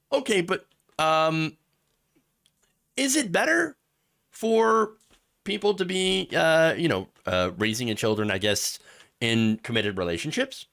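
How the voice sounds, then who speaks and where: A man from Michigan hosting casual political commentary, talking in a sarcastic, animated way with frequent chuckles. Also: a little high, unhurried, creaky, long pauses.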